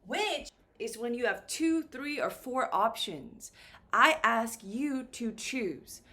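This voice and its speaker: Female English teacher, fairly high voice, very slow and animated, acts out the example lines for beginners. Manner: slow and lively, with acted-out example questions.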